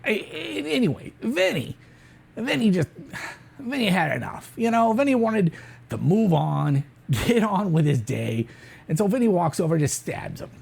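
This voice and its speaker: A woman's voice: mid-range voice, sing-song, moderate pace, vocal fry, a little mellow, husky, voice pushed up, full character voice. A woman voicing a callous street hitman who tells a killing story in a rambling, chatty improvised comic monologue. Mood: gleeful. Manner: rambling, chatty, full of fillers and asides.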